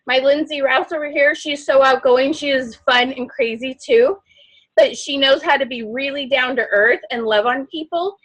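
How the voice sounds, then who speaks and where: A loud, outgoing woman giving an animated coaching talk to a sales team. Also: high voice, low-quality recording. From not from the Midwest.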